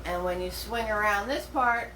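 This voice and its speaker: A woman's voice: mid-range voice, moderate pace, bright, forceful tone, distant mic. Chatty woman teaching painting, roomy sound. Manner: chatty, rambling, many fillers and restarts. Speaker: painting instructor. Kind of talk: live step-by-step painting class. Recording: roomy, from away from the mic, faint hum.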